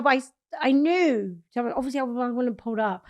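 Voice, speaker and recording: A young woman from England, guest on a talk show, telling stories in animated casual chat and swearing freely. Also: fairly high pitch, a little fast.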